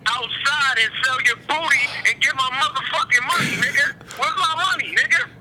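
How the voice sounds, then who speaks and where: A man's voice: very high-pitched, normal speed, pushed and bright, heavily acted, rough recording. A man playing a menacing street dealer. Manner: threatening, aggressive, repetitive questioning. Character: menacing male street dealer demanding money.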